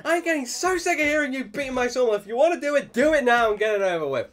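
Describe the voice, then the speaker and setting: A man voicing his fed-up mother scolding a bully, shrill and loud. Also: lively intonation, fast talker.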